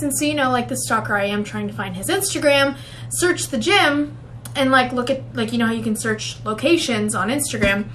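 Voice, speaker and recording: A woman's voice: sits high, quick pace, a bit bright, slight background noise. A woman tells a story to her camera in a giggly, conspiratorial way. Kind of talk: story time vlog.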